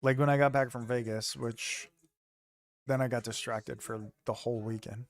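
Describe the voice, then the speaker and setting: Streaming from home, a man chats loosely with his live viewers, joking and swearing casually. His voice is medium in pitch, with a steady tone and normal speed.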